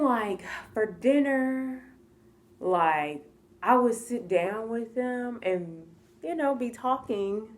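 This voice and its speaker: A young American woman telling a personal story in a casual vlog, chatty and expressive, often acting out what people said and laughing. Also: lowish voice. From United States.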